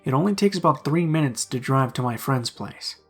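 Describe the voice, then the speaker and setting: Gravelly man narrating horror stories. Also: mid-range voice, lively intonation, fairly quick, faint music behind.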